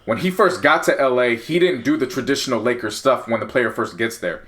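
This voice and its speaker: A man's voice: mid-range voice, expressive, fairly quick, fairly bright tone. A man co-hosting a podcast, talking earnestly in long, winding stretches of casual chat. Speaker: podcast co-host.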